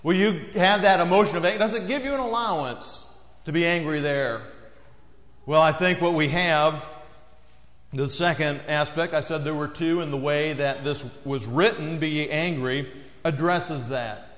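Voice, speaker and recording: A male pastor delivers a sermon in a slightly raised voice. He preaches conversationally, often dropping low and soft to hammer a point home. The sound rings around a roomy church hall with a long tail. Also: moderate pace. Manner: conversational preaching, acts out quoted voices, drops low and quiet for emphasis. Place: church sanctuary.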